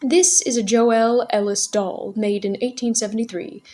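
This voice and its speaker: A woman's voice: fairly high pitch, fairly even intonation, normal speed, mellow, close to an everyday voice. A woman playing a cheery country auctioneer. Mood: selling. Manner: cheery, sing-song sales patter. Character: friendly folksy male country auctioneer.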